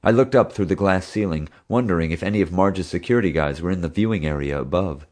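A man narrating a story in a steady storytelling manner. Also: deep voice, fast talker. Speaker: audiobook narrator. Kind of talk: scripted narration.

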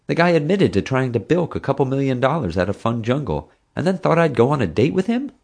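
A man reading an audiobook voices a frank, outspoken woman zookeeper in a raised, lively voice. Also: medium pitch, fast, gravelly, voice pushed up. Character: woman zookeeper, frank, chatty young adult. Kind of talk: audiobook character voice.

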